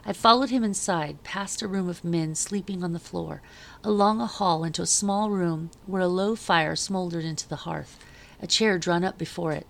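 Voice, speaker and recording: A woman reads a novel aloud in a measured, even way, like a teacher with her class. Her voice sits low for a woman and has a gravelly, creaky texture.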